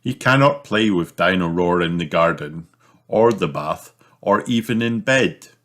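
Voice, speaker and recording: A man narrating a children's storybook aloud in a slow, expressive reading. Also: low voice. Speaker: children's book reader.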